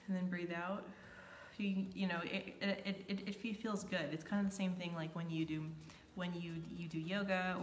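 A woman's voice: on the low side, a little hiss or hum. A woman vlogger talking casually to camera, stuttering often and repeating sounds and words. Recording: echoey room.

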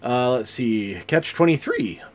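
Slow-talking man reviewing cards. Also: mid-range voice, lively intonation. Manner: amused, chuckling, unhurried. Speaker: channel host. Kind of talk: casual card game review.

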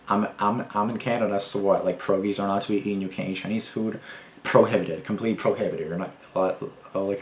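Ranting young man, low voice. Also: reverberant, slight background noise. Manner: rambling, repetitive, heavy swearing, indignant. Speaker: reaction video host. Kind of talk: casual reaction commentary.

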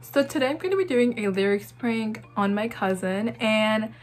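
A woman's voice: fairly high pitch, expressive, normal speed, soft background music. A young woman vlogging in a chatty, giggly, nervous way as she narrates a text prank. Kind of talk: casual vlog chat.

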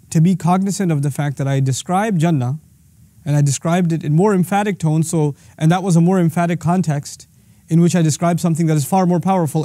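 A man's voice: fairly high pitch, mellow, dry recording. A man teaching a religious lesson, quoting verses in Arabic and then explaining them patiently. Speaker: Islamic teacher.

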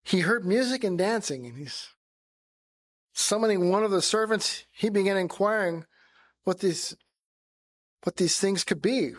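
Male Bible teacher, high voice, conversational sermon style. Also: expressive, measured pace, long pauses. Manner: conversational, acts out quoted voices.

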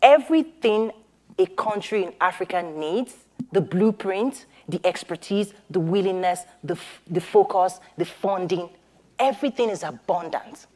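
A woman's voice: fairly low pitch, animated, moderate pace, dark tone. Earnest woman leading a panel. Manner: earnest, persuasive, thinks aloud with restarts; uses everyday analogies. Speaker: summit organizer and panel moderator. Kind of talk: panel discussion.

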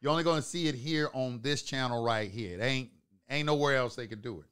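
A man hosting an online talk channel, delivering an emphatic, preachy monologue to live viewers, repeating phrases for emphasis and swinging from low asides to loud outbursts. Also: brisk, clean tone.

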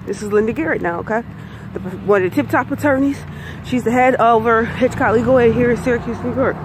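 A woman's voice: fairly high pitch, fast, background noise. A woman in her forties from the United States, telling her custody story straight to camera in an emphatic, profane, aggrieved way. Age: 40s. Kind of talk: direct-to-camera personal testimony.

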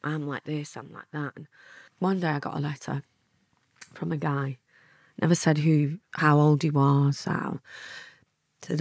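A woman's voice: deep voice, fairly even intonation, normal speed, a little mellow, slightly rough, no room sound. Lancashire woman in her fifties, interview guest, chatty storyteller who laughs and acts out what people said, dry close mic. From England.

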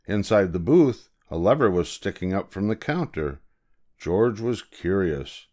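An older man reads a children's story aloud in a low voice. His narration rises and falls expressively and takes its time. His delivery is gentle, in the style of a grandfather reading at bedtime. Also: sing-song, measured pace.

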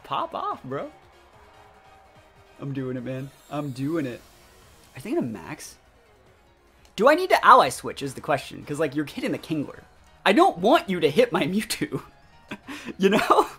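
A young man commentating his own gameplay live, talking to his chat with sudden loud outbursts. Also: on the high side, wildly swooping pitch, measured pace, long pauses, slightly rough. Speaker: gaming streamer. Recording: faint music behind voice.

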